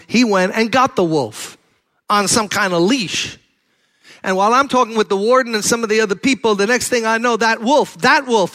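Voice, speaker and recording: Bright-voiced New preacher. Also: male voice, high-pitched. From Brooklyn, New York. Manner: storytelling, conversational preaching that builds to emphatic exhortation. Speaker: pastor. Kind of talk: sermon.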